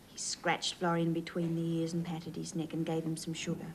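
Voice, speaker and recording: An Australian woman hosting a children's TV show, reading a storybook aloud and talking gently to young viewers in a sing-song way. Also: low voice, monotone, normal speed, background noise. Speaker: children's TV host.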